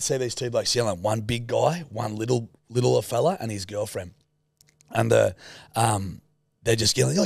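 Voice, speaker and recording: A man's voice: mid-range voice, vocal fry, dry recording. A young Australian man co-hosting a podcast, telling a rambling anecdote in casual chat and swearing a lot. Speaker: podcast co-host.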